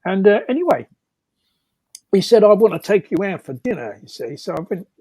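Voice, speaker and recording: A man's voice: high voice, sing-song, brisk, warm tone, breathy edge, no room sound. An older man, telling rambling stories as a guest and chuckling as he goes. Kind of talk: anecdotal storytelling.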